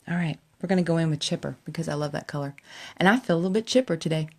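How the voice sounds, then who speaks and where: A woman's voice: low voice, fast talker. A middle-aged woman chatting emotionally to her camera while doing her makeup, laughing often. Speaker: makeup vlogger. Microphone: camera in front of her.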